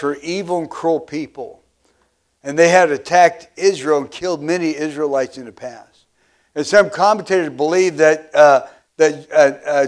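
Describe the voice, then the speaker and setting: A man preaching a sermon as pastor, filling pauses with "uh" and calling for amens. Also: high voice. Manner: preaching with frequent "uh" fillers, asking for amens.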